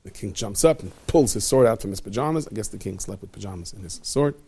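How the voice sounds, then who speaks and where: A man, a rabbi, telling a long story to students in a lively, conversational way and acting out each character. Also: fairly low pitch, fast talker, breathy edge.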